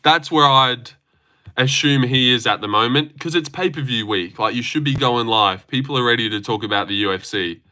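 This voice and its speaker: A man's voice: medium pitch, normal speed, pushed and bright. A man hosting a casual livestream, chatting with viewers in a rambling, sarcastic way and swearing freely. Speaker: livestream host. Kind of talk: casual livestream chat reading viewer comments.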